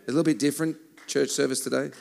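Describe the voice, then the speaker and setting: A man's voice: mid-range voice, fairly even intonation, rapid-fire, creaky, a little mellow. A man, a worship musician chatting between songs at a church service in a joking, self-mocking way. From Australia. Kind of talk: casual stage banter between songs.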